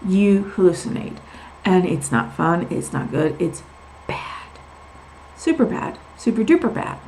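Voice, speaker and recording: A vlogger shares her own medical story in a confiding, candid way, stressing points by repeating words and wandering off on tangents. Her lowish voice is creaky yet mellow, and the low-quality recording carries a little hiss or hum.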